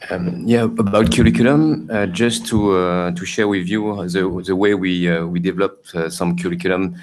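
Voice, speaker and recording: Low-voiced hesitant male panelist. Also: fairly even intonation, normal speed, background noise. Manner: hesitant, many fillers and restarts. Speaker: panelist from Cambodia. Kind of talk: conference panel remarks.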